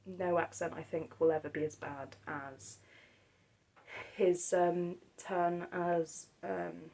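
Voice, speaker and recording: A woman chats on her own about films she loves. She speaks softly and hesitantly, stopping often and restarting her sentences. Her voice sits a little low. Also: level tone, slow, creaky, rough recording. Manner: hesitant, many ums and restarts, soft-spoken. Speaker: film vlogger. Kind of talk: casual monologue about films.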